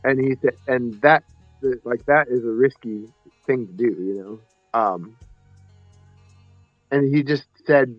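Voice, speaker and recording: A man's voice: mid-range voice, normal speed, dry recording, soft background music. Man telling a rambling story, muffled dry audio. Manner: rambling, self-correcting, acts out voices in his stories. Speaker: podcast guest telling a story. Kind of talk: casual conversational storytelling.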